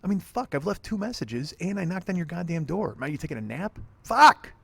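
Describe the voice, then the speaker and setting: A man's voice: on the high side, lively intonation, fast talker, creaky, a little mellow, husky. A man hosting a solo podcast outdoors by an apartment pool, frustrated and swearing as he rambles. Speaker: podcast host. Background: wind and planes overhead.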